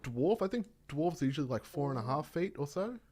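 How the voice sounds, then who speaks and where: A man playing a tabletop game, quick and joking. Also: on the high side, sing-song, a little mellow. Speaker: player.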